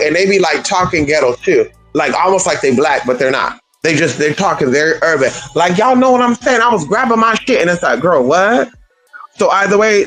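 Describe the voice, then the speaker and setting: A man's voice: a bit bright, rough recording. A man hosting a livestream, chatting casually and telling gossipy stories in a sassy way, calling his listeners girl and honey. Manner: sassy, gossipy, swooping pitch. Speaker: livestream host. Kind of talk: casual chat storytelling.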